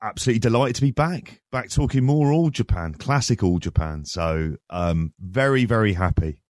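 Deep-voiced male podcast guest. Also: expressive, normal speed, a little mellow, no room sound, clean studio sound. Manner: polite, laughs easily, hesitant fillers. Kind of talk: casual podcast chat.

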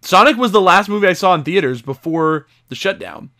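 Man, podcast co-host, casual chat, excitable, slightly high voice. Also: brisk. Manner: excitable, acts out his own loud reactions.

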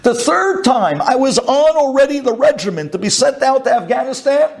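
A man's voice: very high-pitched, lively intonation, moderate pace, vocal fry. A man, a rabbi, telling a story to a group, acting out his own thoughts with rhetorical questions and Hebrew and Yiddish words. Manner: sprinkles in Hebrew and Yiddish terms.

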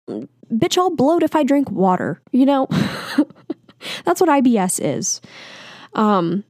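A woman's voice: on the high side, big pitch swings, unhurried, a little mellow, no echo, studio quality. A woman in her twenties hosting a casual solo podcast, talking candidly and self-deprecatingly with lots of fillers. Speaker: podcast host. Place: home. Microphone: podcast microphone.

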